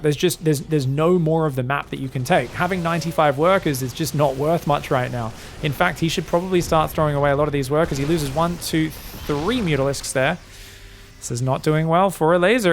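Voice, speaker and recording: A man casting an esports match solo, excitable and jokey, with casual swearing. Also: on the high side, a little hiss or hum. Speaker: esports commentator. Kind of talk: solo game commentary.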